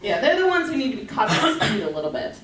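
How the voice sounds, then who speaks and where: A young woman performs a stand-up set on a club stage, her pitch high and swinging widely as she tells her stories. She talks in a loose, self-deprecating way. The live recording is echoey and picked up from a distance, with audience noise underneath. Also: very animated, very fast, a bit bright. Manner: conversational, self-deprecating, laughing through punchlines. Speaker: stand-up comedian.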